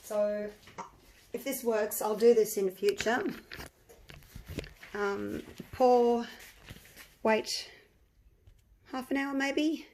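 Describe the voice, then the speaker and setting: A woman with a croaky voice, chatting casually to her viewers and thinking aloud as she works on a resin craft project. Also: on the high side, steady tone, drawn-out words, pauses often, darkish tone, slight background noise. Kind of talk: casual chat while crafting.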